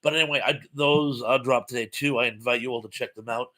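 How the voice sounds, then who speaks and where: Bright-voiced man hosting a casual live chat. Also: medium pitch, fairly even intonation, fast. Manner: rambling and chatty, with frequent ums and uhs. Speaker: live stream host. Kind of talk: casual live chat reading viewer comments.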